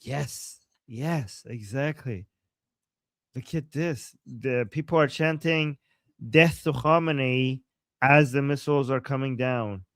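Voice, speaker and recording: A man hosting a live show, excitedly commenting on news video and repeating himself. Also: mid-range voice, slow, dry recording. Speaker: show host.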